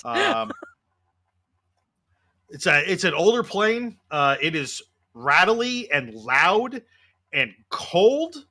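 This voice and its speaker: A man's voice: high voice, big pitch swings, very slow, long pauses, sharp tone. A man narrating a tabletop game as game master, casual and loose with many fillers.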